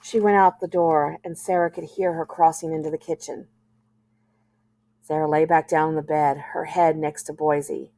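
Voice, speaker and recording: A woman with a lowish voice reads a children's novel aloud, steady and gentle in her storytelling. The recording is dry and close, with no echo. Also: normal speed. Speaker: school librarian.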